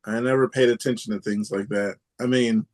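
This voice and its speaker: Laid-back man with a lowish voice. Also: steady tone, a little fast, darkish tone. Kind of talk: casual chat.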